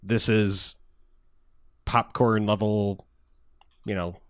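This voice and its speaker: A man's voice: lowish voice, fairly even intonation, very slow, smooth, no echo, clean studio sound. A man co-hosting a podcast in casual chat, rambling with many fillers, laughing and swearing now and then. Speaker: podcast co-host.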